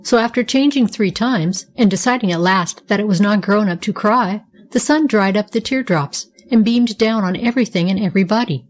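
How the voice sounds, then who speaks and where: A woman's voice: mid-range voice, moderate pace, few pauses. Woman narrating a children's audiobook. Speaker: volunteer audiobook reader.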